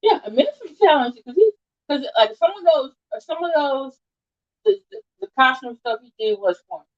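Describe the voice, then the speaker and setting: A woman's voice: sits high, big pitch swings, normal speed, lo-fi sound. A woman hosting an online audio chat room, talking casually and slangily straight to her listeners. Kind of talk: casual live-audio commentary.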